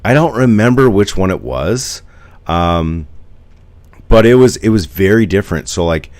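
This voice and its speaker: A man's voice: deep voice, lively intonation, moderate pace, darkish tone, dry recording. A man in his forties from the United States, chatting casually on a live stream, rambling and answering viewer comments.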